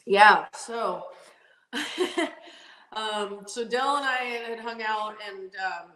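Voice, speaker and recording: A woman race car driver, a podcast guest, telling stories in a lively, laughing way with lots of "like" fillers. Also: medium pitch, drawn-out words. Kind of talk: casual storytelling interview. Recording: roomy echo.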